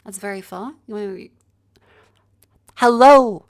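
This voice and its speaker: A woman's voice: mid-range voice, moderate pace. A woman streaming live, chatting casually and joking as she moves a handheld mic around to test it. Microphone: handheld mic moved around while testing.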